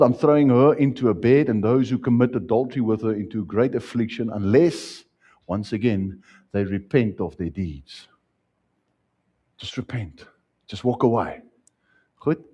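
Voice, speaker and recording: A South African pastor delivers his sermon in a husky, mellow voice. He climbs loud and high on key points, then falls back to quiet, low asides. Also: expressive, normal speed. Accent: South African English. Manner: preaching with wide swings, rising loud then dropping soft.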